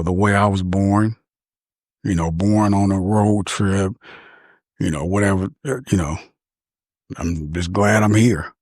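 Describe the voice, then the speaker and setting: A very low-voiced man from talks through a reflective personal monologue. His husky voice moves at an unhurried pace, and he often pauses to find his words. The sound is close and dry. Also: dry recording. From Michigan, USA. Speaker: podcast speaker.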